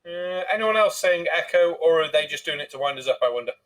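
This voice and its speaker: A man's voice: a little high, expressive, fast talker, a bit bright, distant mic. A man hosting a casual live stream, chatty and jokey, swearing freely, a few pints in. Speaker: streamer host.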